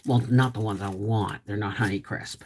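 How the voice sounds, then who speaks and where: A middle-aged woman hosts a laid-back homestead livestream, chatting and rambling while greeting viewers by name, though her voice sounds slightly off. It is very deep and darkish, with fairly even intonation at a normal speed. There's slight background noise.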